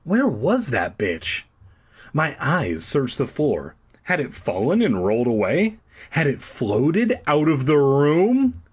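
A man's voice: a little high, huge pitch swings, slow, husky. A man reading a children's horror book aloud, breaking off for crude, sarcastic asides. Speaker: reader.

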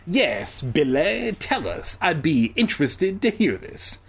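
A man voicing a kindly scientist uncle who speaks in a calm, reassuring way. The voice is a little husky but moves with a lively melody. It is a storybook role read for laughs. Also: on the high side, slow pace, exaggerated voice. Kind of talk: comedic audiobook reading.

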